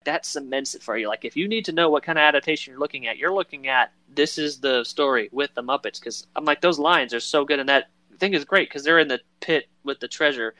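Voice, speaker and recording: A man's voice: a little high, fairly quick, hardly any pauses, pushed and bright, dry recording. A man co-hosting a casual chat about a film, rambling with lots of fillers and acting out quoted lines in voices. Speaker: podcast co-host.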